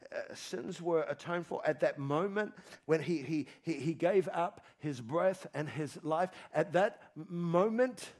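A man preaching a sermon as pastor, animated and emphatic, repeating phrases for emphasis. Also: a little high. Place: church.

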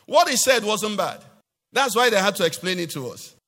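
A man, a pastor preaching a sermon in an animated way and putting rhetorical questions to his congregation. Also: high-pitched, moderate pace, long reverb tail.

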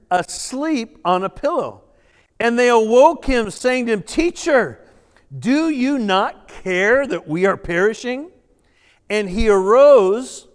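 Man, pastor, sermon, smooth resonant voice, long church reverb. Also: high-pitched. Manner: dramatic scripture reading, animated asides to the congregation. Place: church sanctuary.

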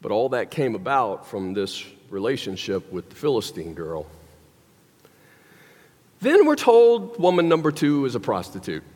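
A man's voice: mid-range voice, big pitch swings, unhurried, darkish tone. A man preaching a sermon, telling a story animatedly with wry, joking asides. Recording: long hall reverb.

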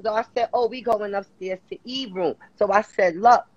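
A woman podcast host telling a rowdy story in animated chat, whooping and cursing as she acts out her friends. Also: medium pitch, moderate pace, no room sound, highs cut off.

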